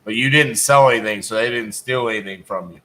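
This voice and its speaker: A man from Texas, a real estate wholesaler hosting a live sales call, asking calm, logical questions. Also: on the low side, fast, rough recording.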